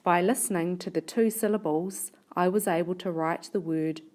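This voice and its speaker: A woman teaching a spelling lesson, slowly stretching words into syllables and sounding out each letter. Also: on the low side, steady tone, darkish tone, a little hiss or hum. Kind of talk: slow, deliberate classroom spelling lesson.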